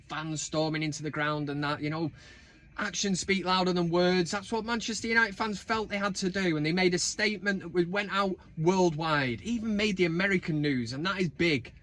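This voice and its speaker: A man hosting a football fan video channel, ranting and mocking with lots of swearing. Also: high voice. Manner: sweary, mocking, animated rant. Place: inside a van.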